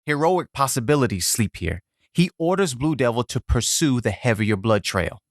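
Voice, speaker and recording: A man reading a veteran's war essay aloud as scripted narration, grave and measured in short clipped phrases. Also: medium pitch, lively intonation, no echo, clean studio sound.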